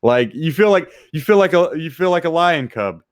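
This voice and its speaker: A man's voice: a little high, lively intonation, moderate pace, clean tone. Man, podcast guest, crude, profane, brash, casual chat. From Texas.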